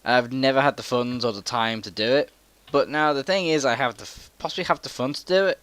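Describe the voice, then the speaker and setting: Laid-back young man, crisp dry voice. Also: mid-range voice, fairly quick, fairly bright tone, dry recording. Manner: laid-back, swears freely, trails off. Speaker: podcast co-host. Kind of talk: casual chat.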